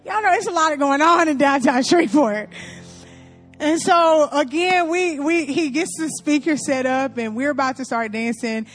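A woman from Louisiana telling a funny story to an audience, animated, laughing often and calling her listeners y'all. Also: high-pitched, moderate pace, soft background music.

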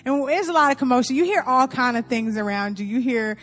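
A woman from Louisiana telling a funny story to an audience, animated, laughing often and calling her listeners y'all. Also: high-pitched, a little fast.

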